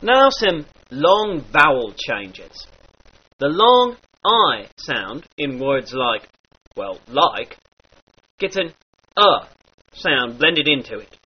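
A man teaching the sounds of an old-style dialect, with slow demonstrations and mock-archaic phrasing. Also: a little high, big pitch swings, slightly rough. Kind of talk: instructional lesson with example phrases. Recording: dull lo-fi recording.

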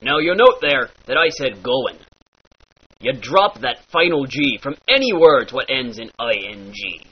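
A man's voice: medium pitch, big pitch swings, a little slow, breathy edge. A man giving a playful lesson in pirate speech, using mock-archaic phrasing and demonstrating each sound. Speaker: accent teacher. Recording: dull lo-fi recording.

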